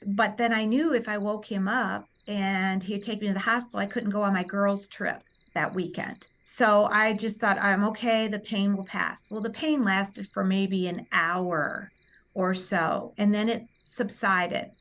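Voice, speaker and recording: A woman guest tells a personal story in a middle-pitched, earnest voice. She talks in a lively, conversational way and keeps adding "you know" as she goes. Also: measured pace.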